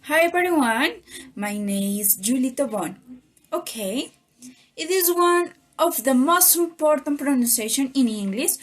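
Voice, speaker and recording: A young Colombian woman reading a class presentation in English, her voice fairly high. She goes slowly and evenly through each sentence. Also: lively intonation. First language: Spanish. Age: young adult. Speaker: student presenter.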